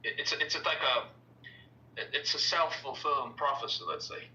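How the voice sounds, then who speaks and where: A man with an Italian accent from Italy, calling in to a casual group chat and speaking haltingly with many restarts. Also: fairly high pitch, bright, forceful tone. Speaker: caller. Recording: echoey, distant, dull sound.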